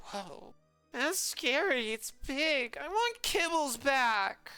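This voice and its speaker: A man voicing a small, upset little girl in a high, whiny, sobbing voice. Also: sing-song, slow, bright, forceful tone, no echo, soft background music, heavily acted. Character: crying little girl who lost her pet.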